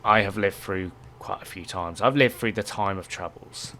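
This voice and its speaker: A man's voice: low-pitched, normal speed, pushed and bright, slight background noise. A man doing Elminster, weary ancient archwizard. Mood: lecturing. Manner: lecturing, rhetorical questions. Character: ancient weary male archwizard, worldly and blunt.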